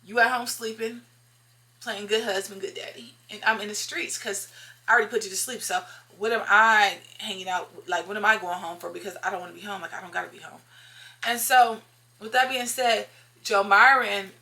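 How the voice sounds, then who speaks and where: Woman, casual storytime vlogger, sharp bright tone, emphatic and repetitive. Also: medium pitch, fairly even intonation, a little fast. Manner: emphatic, repeats lines for effect, talks straight to viewers.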